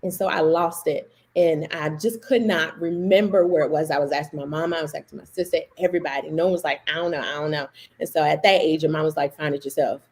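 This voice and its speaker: Lively woman sharing a church testimony. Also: low voice, fast, hardly any pauses. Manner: animated storyteller, acting out remembered dialogue. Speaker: women's ministry host. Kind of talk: personal testimony to a livestream audience.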